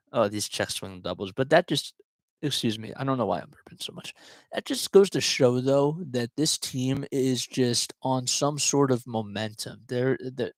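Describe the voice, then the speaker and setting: A man's voice: medium pitch, dry recording. A man hosting a solo sports talk show, chatting casually and rambling a little as he restarts and digresses.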